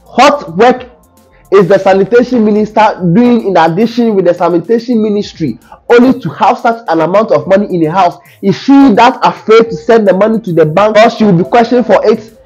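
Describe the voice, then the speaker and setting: A man's voice: high-pitched, a little fast, a little mellow, breathy edge. A man with a Ghanaian accent giving casual news commentary, indignant and full of rhetorical questions. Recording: dull lo-fi audio with faint music.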